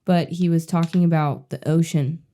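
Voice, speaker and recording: A woman's voice: deep voice, fairly even intonation, moderate pace, warm tone. A woman co-hosting a podcast, chatting casually and reflectively, with frequent swearing. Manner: earnest, reflective, swears freely. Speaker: podcast co-host. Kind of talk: casual chat.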